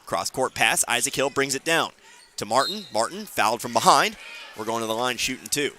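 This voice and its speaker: A man calling a high school basketball game on the radio, quick play-by-play with dry asides. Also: animated, sharp tone, a little hiss or hum. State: hiccuping. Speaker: play-by-play announcer.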